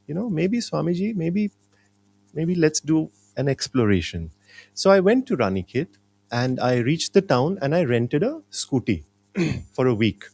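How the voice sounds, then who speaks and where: Spiritual teacher, middle-aged man, expressive, sweeping intonation. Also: medium pitch. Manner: lively, animated storytelling with frequent "you know". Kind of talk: storytelling talk.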